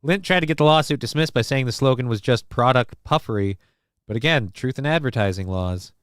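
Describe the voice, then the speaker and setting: Male livestream host, mid pitch, smooth and dry, rambling and profane, self-mocking. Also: expressive, a little fast, fairly bright tone, dry recording. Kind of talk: casual livestream chat.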